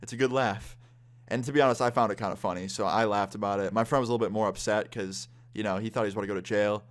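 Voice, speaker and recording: A young man telling a story in a casual vlog. He talks quickly in a low voice and swears freely. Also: fairly even intonation. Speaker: vlogger.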